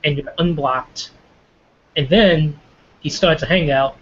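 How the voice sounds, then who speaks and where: A man's voice: on the high side, takes it slowly, a bit bright. Guy chatting loose, like every other word, dull call audio with a bit of hiss. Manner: loose, fills speech with "like". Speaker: hangout participant. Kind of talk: casual online group discussion. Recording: dull lo-fi call audio with faint background noise.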